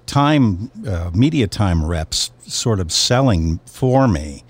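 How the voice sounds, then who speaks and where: A man's voice: fairly low pitch, lively intonation, slow pace, husky. An older man who works as a voice talent and producer, chatting casually in a rambling, hesitant way. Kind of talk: casual chat.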